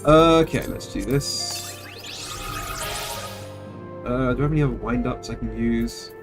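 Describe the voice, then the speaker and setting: A man streaming a video game, chatting to viewers in an animated, rambling way. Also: medium pitch, unhurried, music in the background. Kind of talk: casual gameplay commentary.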